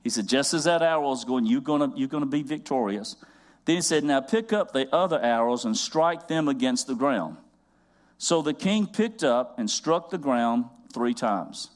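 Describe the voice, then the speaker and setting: A man preaching a sermon, using rhythmic repetition and asking the congregation questions, building to loud fervent exhortation. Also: medium pitch, expressive, moderate pace.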